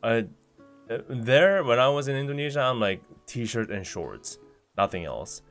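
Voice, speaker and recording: A man's voice: mid-range voice, very animated, a little slow, soft background music. A man streaming casually, reading viewer messages aloud and answering them one by one in a chatty way. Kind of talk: casual livestream chat.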